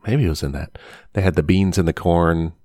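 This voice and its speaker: Deep-voiced man in a dry, close recording. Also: fairly quick, dry recording. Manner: relaxed, rambling, hedging with "you know" and "I don't know". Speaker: podcast co-host. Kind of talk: casual chat.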